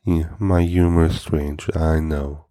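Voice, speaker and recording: Low-voiced man reading jokes. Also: little pitch movement, takes it slowly. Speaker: comedy show host.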